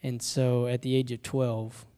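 A middle-aged man preaching a sermon, telling personal stories and moving between hushed, confessional moments and loud, urgent ones. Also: medium pitch, level tone, unhurried, smooth.

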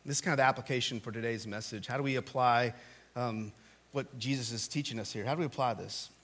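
Man, pastor, conversational sermon, mid-pitched voice, sudden loud emphatic stretches. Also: fast talker. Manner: conversational preaching, rising to loud animated bursts.

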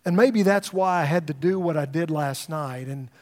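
A man's voice: on the high side, normal speed. Conversational man preaching a sermon. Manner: conversational storytelling, repeats words when starting. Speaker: pastor.

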